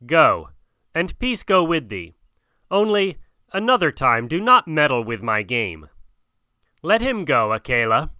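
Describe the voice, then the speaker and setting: A proud, scornful jungle boy, put on by a male storyteller. His voice is bright and crisp, with lively rises and falls. He speaks with commanding defiance, in a dry, close recording. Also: a little high, unhurried, no room sound, exaggerated voice.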